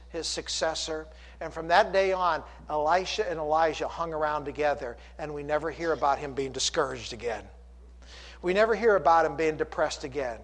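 A man preaching a sermon with passion, retelling scripture and speaking God's lines in his own voice. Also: a little high. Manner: impassioned, paraphrasing scripture in God's voice. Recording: long hall reverb.

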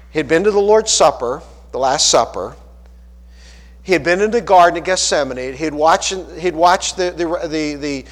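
A man's voice: high voice, in a large hall. A man from Pittsburgh, a pastor preaching a folksy sermon full of rhetorical questions.

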